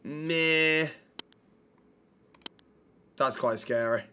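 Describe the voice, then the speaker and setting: A man's voice: a little high, very slow, bright, forceful tone, slight background noise. A young man streaming a role-play game, chatting casually and swearing freely. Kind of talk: casual role-play and chat shout-outs.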